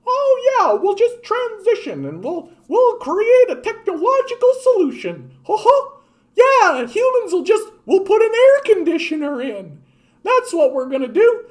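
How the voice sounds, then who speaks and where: A man voicing a naive, cheerful optimist in a mocking falsetto with little giggles. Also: wildly swooping pitch, unhurried, full character voice. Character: naive chirpy optimist, adult, mocked.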